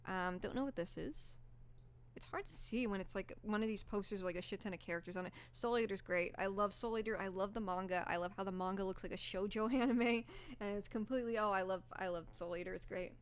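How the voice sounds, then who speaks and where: A young woman chats casually on a live stream, rambling from one thought to the next with plenty of fillers. Her voice has gone a little hoarse, yet it stays smooth and clear at an average pitch. She gushes with bubbly enthusiasm. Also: quick pace.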